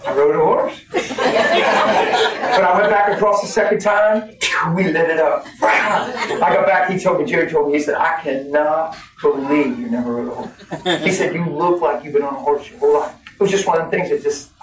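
A man in his fifties preaching a sermon, folksy and animated, laughing as he tells stories. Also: fairly high pitch, normal speed. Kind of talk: sermon with storytelling. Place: church hall. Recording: echoey hall from far off, crowd. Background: congregation.

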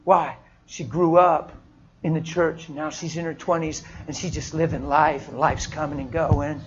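A man preaching a sermon in a storytelling way, swinging from hushed, soft lines to loud, laughing outbursts. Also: fairly high pitch, steady tone, moderate pace, lo-fi sound, background noise.

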